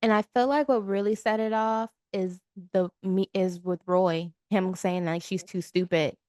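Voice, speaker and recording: Lively woman podcast co-host, dry sound. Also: medium pitch, no echo. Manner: animated retelling, acts out characters' lines in quick asides. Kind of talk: casual recap of a TV episode.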